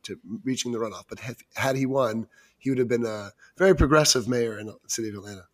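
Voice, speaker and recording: A man of ordinary pitch hosting a political news podcast. He talks in a loose, conversational way and often restarts his sentences. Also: quick pace. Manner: conversational, many fillers and restarts. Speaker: podcast host. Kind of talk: casual news podcast discussion.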